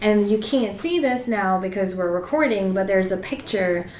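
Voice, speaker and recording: A woman's voice: medium pitch, moderate pace, a little mellow, slight background noise. A woman co-hosting a podcast in casual chat, talking in restarts and laughing often. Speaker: podcast co-host. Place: room shared with co-hosts. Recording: echoey room.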